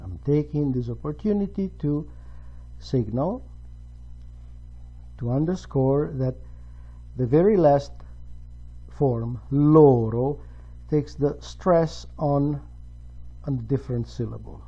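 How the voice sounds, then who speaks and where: A man's voice: mid-range voice, expressive, slow pace, pauses often, breathy edge, highs cut off, faint music behind. A man teaching a grammar lesson, explaining patiently step by step. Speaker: Italian language teacher.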